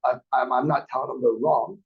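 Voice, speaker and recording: A man's voice: medium pitch, fairly even intonation, fairly quick, slightly rough. A man in his forties teaching a class, rambling through personal anecdotes and acting out quotes in a dull lo-fi recording. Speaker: real estate class instructor. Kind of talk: casual storytelling lecture.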